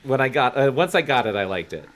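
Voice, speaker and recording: A man's voice: mid-range voice, sing-song, fast, noisy background. A man hosting a comedic book-reading podcast, reading aloud with jokey asides, over a video call. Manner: jokey asides between read passages. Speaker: podcast host and reader.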